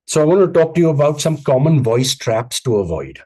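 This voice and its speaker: Husky guy coaching over a video call, punchy repeated lines, slow deliberate pauses. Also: fairly high pitch, sing-song, dark tone. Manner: emphatic, repetitive phrasing with deliberate pauses. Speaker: communications coach. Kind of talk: live online coaching talk.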